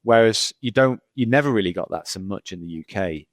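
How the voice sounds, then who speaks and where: A man's voice: lowish voice, expressive, a little fast, dry recording. A middle-aged male geologist talking casually as a podcast guest, rambling through anecdotes with lots of repeats and "you know".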